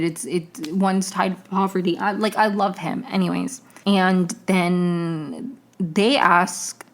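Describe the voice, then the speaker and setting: A young woman hosting a podcast, recapping a TV episode in a rambling, chatty way full of tangents and self-corrections. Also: lowish voice. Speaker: podcast host.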